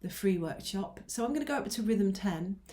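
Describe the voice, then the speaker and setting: A woman's voice: medium pitch, animated, brisk, dark tone. A woman teaching an online ukulele lesson, patiently explaining rhythms and counting beats aloud. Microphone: mic close by, teacher moves nearer. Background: ukulele strumming.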